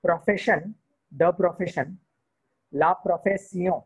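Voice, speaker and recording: Husky man teaching beginner vocabulary. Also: a little high, darkish tone, rough recording. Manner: slow, repeats each word, switches to Hindi to explain. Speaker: French teacher. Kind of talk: beginner language lesson.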